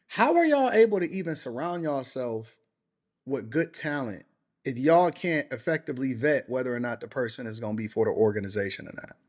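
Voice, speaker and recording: A man hosting a podcast, ranting in casual chat with repeated, profane rhetorical questions. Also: medium pitch. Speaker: podcast host.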